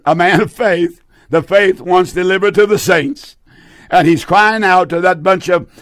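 A man preaching a Pentecostal sermon in a fervent way, often repeating himself and pausing on fillers. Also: high-pitched, no room sound, clean studio sound.

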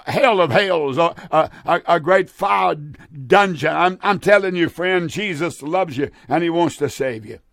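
A man preaching a fervent radio sermon as a call-in host, repeating phrases and slowly drawing out the scripture he reads. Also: high-pitched, fairly bright tone, no echo, clean studio sound.

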